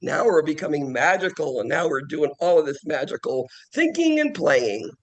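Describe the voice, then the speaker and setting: A man giving a classroom lecture as a nursing professor, animated and playful, acting out children's play and cries as he teaches. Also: on the high side, moderate pace, dull audio.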